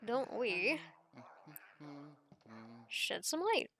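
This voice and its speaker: A woman's voice: fairly high pitch, big pitch swings, very slow, noisy background. A woman giving casual, playful gameplay commentary as a let's play host, giggling and making joking asides.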